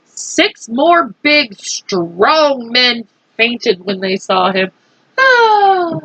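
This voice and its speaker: A woman's voice: a little high, animated, extremely slow, sharp tone, husky, rough recording. A woman teacher reading a storybook aloud to children, with chatty asides to her young listeners. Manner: chatty, friendly asides to kids.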